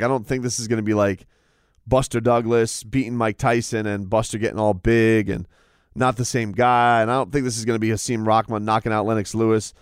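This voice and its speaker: A man at medium pitch gives casual fight sports commentary and keeps restarting his sentences. The sound is dry and close, with no room echo. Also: smooth. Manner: rambling, repetitive restarts. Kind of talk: casual chat.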